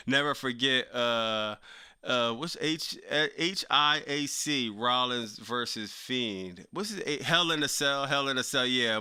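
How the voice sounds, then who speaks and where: A man's voice: fairly high pitch, pushed and bright. A young man hosting a casual live stream, talking in slang and reacting to his chat. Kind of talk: casual wrestling commentary livestream.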